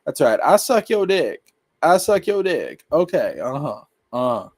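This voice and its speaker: Man doing a sly sucking-up demon, pitched higher than his own voice, sarcastic yes-man murmurs. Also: big pitch swings, husky, no room sound, heavily acted. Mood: sarcastic fawning. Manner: mock-agreeable, drawn-out murmurs. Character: smug scheming male demon, fawning sarcastically.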